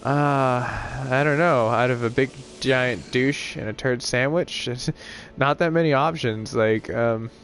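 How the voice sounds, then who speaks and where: Young adult man, mid-pitched, rambling, profane, filler-heavy, gaming stream, faint hiss. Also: slow pace, a bit bright. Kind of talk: casual gaming stream chat.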